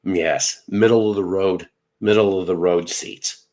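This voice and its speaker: A man's voice: deep voice, fairly even intonation, measured pace, darkish tone. A middle-aged man from Northern Illinois, casually telling a profane story and acting out the dialogue. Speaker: podcast host.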